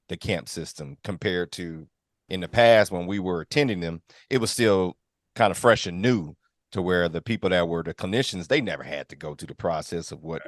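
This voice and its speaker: A middle-aged man hosting a podcast, speaking relaxed and reflective about his officiating career, with quick reactions. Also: deep voice, no room sound, studio quality. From California. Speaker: podcast host. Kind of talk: casual interview chat.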